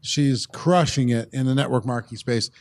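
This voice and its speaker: A man's voice: medium pitch, normal speed, very noisy. A man hosting a live online summit, hyping the audience and reading out viewer comments. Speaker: summit host. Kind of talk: live-stream event hosting.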